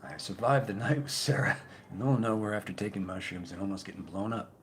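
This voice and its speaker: A man's voice: fairly low pitch, a little hiss or hum. Stammering man chatting with viewers. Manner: rambling, stammering repeats, halting fillers. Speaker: YouTube channel host. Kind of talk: casual live-stream chat reading viewer comments.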